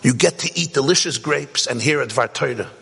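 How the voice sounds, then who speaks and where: A man teaching a Torah class, animated and rising to shouts to stress a point. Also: medium pitch, a little fast, vocal fry, slightly rough, long reverb tail. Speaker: rabbi.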